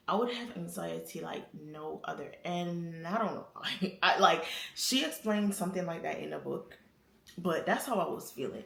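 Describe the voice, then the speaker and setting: A young woman talking candidly to her viewers from her apartment, chatty and quick to laugh. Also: lowish voice, gravelly, roomy sound. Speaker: vlogger. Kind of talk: casual confessional talk to camera.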